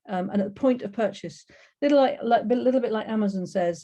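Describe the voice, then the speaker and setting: A woman's voice: medium pitch, steady tone, moderate pace, dark tone, lo-fi sound. A woman giving a chatty, enthusiastic webinar presentation over a video call, with many fillers.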